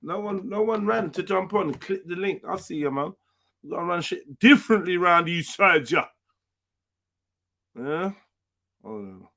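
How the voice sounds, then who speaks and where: A man hosts a casual livestream. His voice sits a little high. He talks in loose, teasing slang and keeps things informal. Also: expressive, a little slow, gravelly, long pauses, pushed and bright. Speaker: livestream host.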